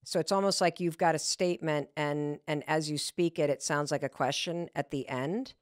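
A woman's voice: deep voice, fairly even intonation, no echo, studio quality. A woman hosting a podcast, asking questions in an enthusiastic, casual way. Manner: enthusiastic, quick reactions. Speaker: podcast host. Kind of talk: casual interview chat.

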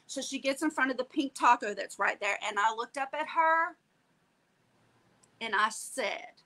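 A guest, a woman with a fairly high voice, tells her personal story with feeling at a normal speed on a rough recording. She's animated, acting out quoted dialogue and tagging lines with "okay?" to check in.

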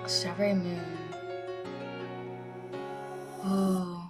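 A woman's voice: on the low side, level tone, drawn-out words. Gushing woman reacting to music. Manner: gushing, rambling, many fillers. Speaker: reaction video host. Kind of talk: casual music reaction commentary.

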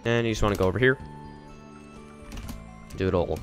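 A man's voice: lowish voice, fairly quick, faint music behind. A young man casually talking through a game walkthrough in a rambling, offhand way. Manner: rambling, casual, easily confused. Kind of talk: casual gameplay commentary.

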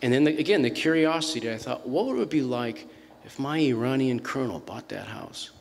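A man in his fifties, an author talking to an audience and telling animated anecdotes with frequent restarts. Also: mid-range voice, brisk, creaky, a little hiss or hum. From Massachusetts. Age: 50s. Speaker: author speaking at a book event. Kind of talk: storytelling talk to an audience. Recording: reverberant hall.

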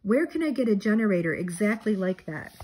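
A woman's voice: medium pitch, brisk, husky. A woman reading a storybook aloud, voicing an anxious schoolboy who worries and boasts by turns. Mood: worried. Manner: worried, excitable, whiny.

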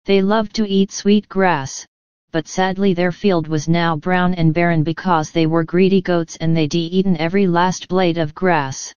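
A woman telling a children's story in a careful, clear reading for learners. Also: lowish voice, fairly even intonation, measured pace, darkish tone, no echo, dull audio. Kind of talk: scripted storybook narration.

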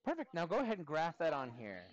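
Lively, high-voiced man teaching class. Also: fast talker, highs cut off. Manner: playful, jokey, coaxing students. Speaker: math teacher.

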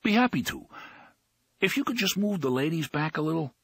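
A man's voice: a little high, very animated, a little fast, a bit bright, slightly rough, dry recording, clean studio sound, voice pushed up, heavily acted. A male narrator voicing a cocky young man who talks in a glib, joking, falsely innocent way in an audiobook. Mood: smug joking. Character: cocky young man, smug wisecracking joker.

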